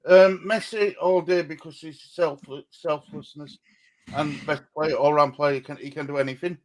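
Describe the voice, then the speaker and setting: English male stream host, higher voice, familiar, says "love" and "mate" a lot. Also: fairly even intonation, normal speed, a little hiss or hum, poor audio. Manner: friendly, calls viewers love and mate. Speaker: fantasy football livestream host. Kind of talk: casual live-stream chat.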